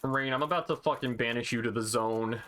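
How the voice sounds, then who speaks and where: A man's voice: medium pitch, fairly quick, noisy background. A man streaming a video game, chatting casually with lots of swearing and mock indignation. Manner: profane, joking, mock-indignant. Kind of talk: casual gaming chat.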